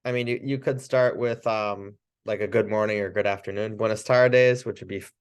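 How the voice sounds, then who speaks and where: A man's voice: on the low side, steady tone, normal speed, clean tone. A man teaching a casual training session, talking loosely with restarts and short laughs. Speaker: chiropractic trainer.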